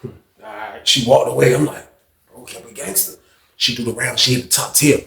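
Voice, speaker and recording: Gravelly animated storyteller man. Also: mid-range voice, a little fast. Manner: animated, slangy, laughing. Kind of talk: casual storytelling. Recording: roomy echo.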